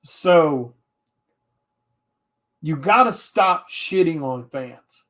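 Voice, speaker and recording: A man, an indie comic artist, talks bluntly to his viewers in a casual livestream. His voice sits a bit higher than most men's. He swears freely and stumbles over restarts as he presses his point. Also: drawn-out words. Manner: blunt, profane, animated, many restarts.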